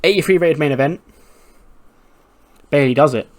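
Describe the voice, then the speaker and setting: A man's voice: fairly high pitch, moderate pace. Casual male let's-play narrator, swears, chuckles. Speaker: gaming YouTuber.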